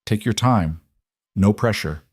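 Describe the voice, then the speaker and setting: Gentle ranch woman, read by a man, soft, reassuring, low voice, dry sound. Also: a little slow, breathy edge, no room sound.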